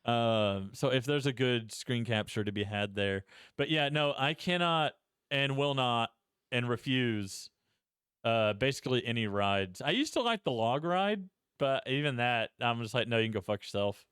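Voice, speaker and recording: A man's voice: mid-range voice, unhurried, a bit bright, clear, resonant tone, dry recording. A man co-hosting a podcast, chatting casually and poking fun at himself with frequent laughs. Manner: laughs often, self-mocking. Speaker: podcast co-host. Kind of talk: casual chat.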